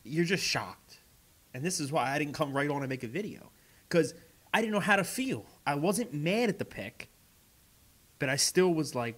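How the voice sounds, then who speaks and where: A young man ranting casually in a video reaction, exasperated and swearing, growing louder as he goes. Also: expressive, moderate pace. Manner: exasperated, swears, gets louder and higher as he rants. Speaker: vlogger.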